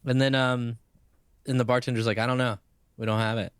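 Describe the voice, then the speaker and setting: A podcast co-host with a medium-pitched, brisk, clean-toned voice tells a rambling, profane story in casual chat, animated and laughing along the way. The studio sound is clean, with no room sound.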